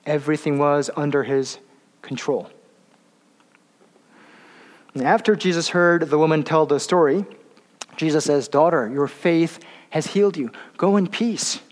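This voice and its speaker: A man preaching a sermon, speaking haltingly with many fillers and restarts and slowing down for emphasis. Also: a little high. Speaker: pastor. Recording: long hall reverb.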